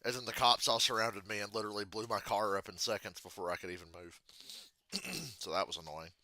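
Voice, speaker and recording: A man's voice: on the low side, animated, fairly quick, bright, forceful tone. A man hosting a casual live reaction stream, telling stories with lots of swearing and laughter. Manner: profane, laughing storyteller. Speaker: channel host.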